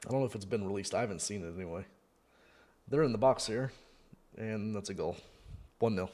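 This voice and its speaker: A man's voice: fairly low pitch, a little fast, pauses often, slight background noise. Chatty man reacting to a live match. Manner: chatty, rambling, thinks aloud with fillers; bursts into loud disbelieving shouts at goals. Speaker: fan host of a live watchalong.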